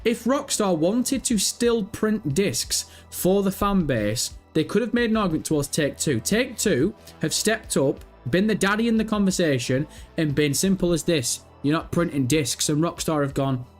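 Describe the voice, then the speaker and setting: Man, young adult, livestream host, sweary teasing chat, fairly high voice, faint music behind. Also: animated, normal speed, few pauses. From Britain. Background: faint background music.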